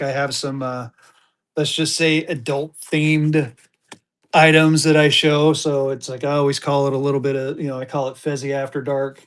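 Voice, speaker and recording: A man's voice: fairly high pitch, clear, resonant tone. A man hosting a casual live-stream auction from a room at home, rambling and joking as he sells and repeats himself.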